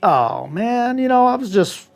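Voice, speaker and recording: A man's voice: very high-pitched, very animated, a little slow, vocal fry, darkish tone, soft background music, voice pushed up, exaggerated voice. A coaxing seductress, as a man puts her on.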